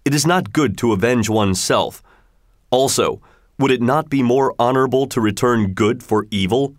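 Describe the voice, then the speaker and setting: A man voicing a crafty trapped genie who pleads and bargains in a read-aloud folk tale, coaxing and smooth-talking. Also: mid-range voice, normal speed, no room sound, clean studio sound, close to an everyday voice. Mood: wheedling. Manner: wheedling, coaxing.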